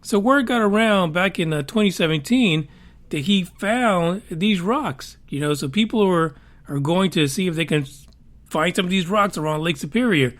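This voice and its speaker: A man's voice: sits high, lively intonation, moderate pace. A man hosting a solo podcast, talking casually with wry asides and lots of fillers. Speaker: podcast host.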